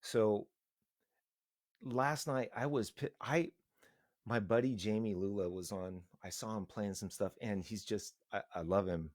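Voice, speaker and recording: A middle-aged man talking into a live stream in a casual, earnest, halting way, rambling and restarting his sentences. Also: lowish voice, a little mellow, no echo, studio quality.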